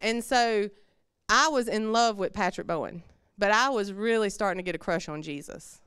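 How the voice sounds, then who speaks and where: A woman's voice: mid-range voice, normal speed, a bit bright, smooth, no room sound, studio quality. A woman, telling her personal faith story in a church service in a conversational, heartfelt way. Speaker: church member giving testimony.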